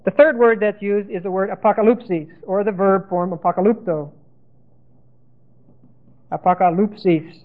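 Male Bible teacher, higher voice, repeats and spells terms, tinny old recording. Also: fairly quick, few pauses. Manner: spells out Greek words letter by letter, repeats key terms. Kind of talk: Bible lesson sermon.

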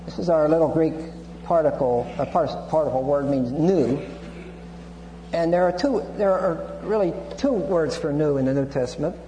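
Preaching from the Bible in an expository style, a man teaches with a fairly high, warm voice at normal speed. He restarts often and digresses with asides and Greek terms, and the hall is echoey with a hum.

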